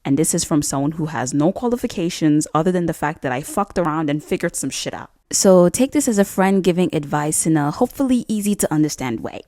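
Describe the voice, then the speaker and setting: A young woman with a low, deep-set voice gives casual advice in a vlog. She talks bluntly and swears freely, cracking jokes as she goes. The sound is dry and close, with no room around it. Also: expressive, fairly quick, hardly any pauses, mellow, dry recording. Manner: blunt, profane, jokey. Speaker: vlogger.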